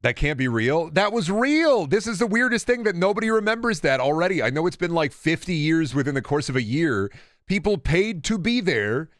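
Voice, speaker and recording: Male streamer, joking and rambling casual commentary, crisp bright voice with gravel, dry room. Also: a little high, sing-song, normal speed, dry recording. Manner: rambling, joking, restarts mid-thought. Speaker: gaming streamer. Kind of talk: casual commentary while gaming.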